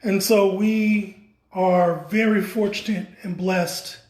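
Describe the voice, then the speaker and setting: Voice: mid-range voice, fairly even intonation, slow pace, a little mellow. Chatty, enthusiastic gallery tour guide. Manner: enthusiastic, chatty, playful exclamations. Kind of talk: casual guided walking tour. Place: indoor art gallery exhibit.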